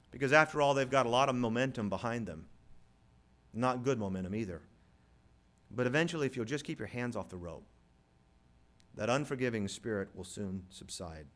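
A man preaching a sermon as pastor, moving from quiet storytelling to loud, rising appeals. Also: mid-range voice.

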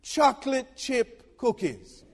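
A man preaching a sermon from the pulpit, folksy and humorous, swinging from soft asides to loud emphatic lines. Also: very high-pitched, big pitch swings, slow pace, breathy edge, in a large hall. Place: church pulpit.

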